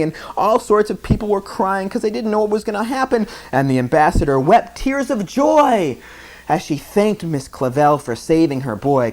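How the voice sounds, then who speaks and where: A man reading a bedtime story aloud, stopping in a chatty way to explain words and retell parts. His pitch rises and falls in a lively way.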